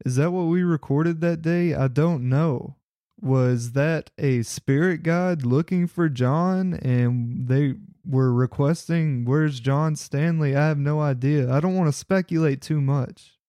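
Earnest man with a dark, dry voice. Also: fairly high pitch, slow, no room sound. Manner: earnest, speculative, reflective. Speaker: paranormal investigator. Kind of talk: casual narration over audio clips.

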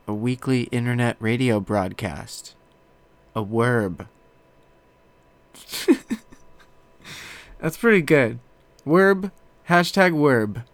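A man's voice: fairly low pitch, clear, resonant tone. A man hosting a solo podcast from his desk, rambling casually with a self-deprecating, swearing manner. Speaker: podcast host.

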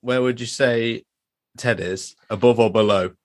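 A man's voice: mid-range voice, measured pace. A man with an East Midlands English accent, co-hosting a podcast in a teasing, casual chat. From Nottingham, England. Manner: lively, teasing. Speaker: podcast co-host.

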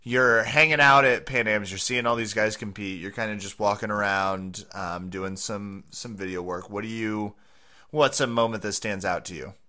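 A man's voice: on the low side, steady tone, moderate pace, sharp tone. A man co-hosting a podcast, joking and teasing in casual chat. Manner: joking, teasing, laughs often. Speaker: podcast co-host.

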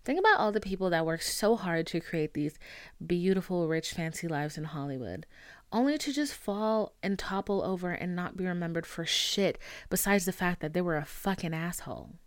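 A woman's voice: on the low side, lively intonation, normal speed, smooth, dry recording. A woman in her twenties hosting a podcast in casual chat, chatty, full of "like" and casual swearing, into a studio mic. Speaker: podcast host.

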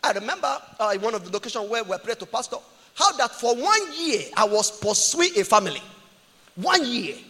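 Impassioned pastor in echoing hall. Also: male voice, very high voice, sing-song, fairly quick, slightly rough. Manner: impassioned, shifting between shouts and quiet asides. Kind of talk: sermon. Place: church.

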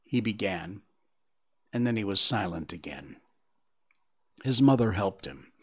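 A man narrating a storybook in a hushed, expressive reading that dips into near whispers. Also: lowish voice, unhurried, slightly rough.

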